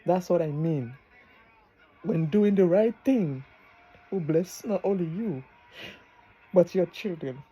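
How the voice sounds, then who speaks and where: A woman's voice: fairly low pitch, takes it slowly, long pauses, mellow, slightly rough, lo-fi sound. A middle-aged woman, tearing up as she gives earnest, preachy advice in a vlog, repeating phrases for emphasis. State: tearful. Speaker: vlogger. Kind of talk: heartfelt advice monologue.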